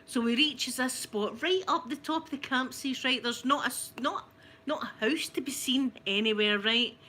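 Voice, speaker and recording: A woman with a Scottish accent telling a family story in casual talk, animated and often laughing. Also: high-pitched, moderate pace, a little hiss or hum. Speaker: ASMR channel host telling a family story.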